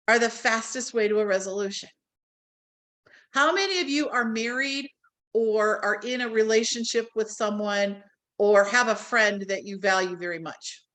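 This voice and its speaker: A woman with a slightly high, somewhat bright voice teaches a real estate training class before a live audience. She talks animatedly and acts out phone calls she quotes.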